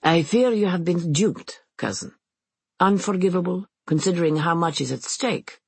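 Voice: medium pitch, normal speed, vocal fry, breathy edge, no echo. A storyteller voicing a cynical aristocratic man who speaks with a heavy Russian accent, clipped and coolly formal. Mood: cold.

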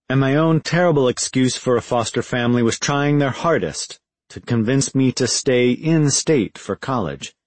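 A man's voice: mid-range voice, a little mellow, no room sound. Man narrating an audiobook in a dry studio. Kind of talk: first-person audiobook narration.

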